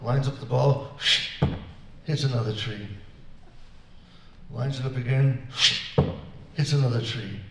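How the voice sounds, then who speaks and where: A man's voice: medium pitch, slow pace, long pauses, very noisy. A man telling a string of jokes to a senior center audience in an easygoing way, playing the voices of his characters. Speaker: performer at a senior center concert. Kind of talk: telling jokes between songs. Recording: echoey room, voice from far off.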